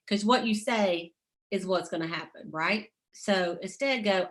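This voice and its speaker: A woman's voice: mid-range voice, measured pace. A middle-aged woman leading a motivational sales team call, chatty, laughing often and reading inspirational quotes aloud.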